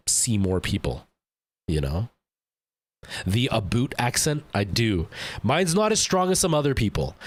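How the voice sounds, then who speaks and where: Rambling young man streamer, Spanish native. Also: fairly low pitch. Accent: Canadian English with some American. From El Salvador. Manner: rambling, lots of "like", mimics others' voices. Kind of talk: casual stream chat.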